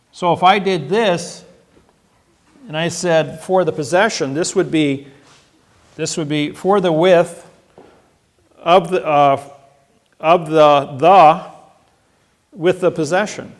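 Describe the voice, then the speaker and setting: A man giving a seminar lecture, telling courtroom stories and acting out the exchanges with a raised voice, self-assured with halting restarts. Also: fairly high pitch. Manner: storytelling, acts out quoted exchanges with raised voice.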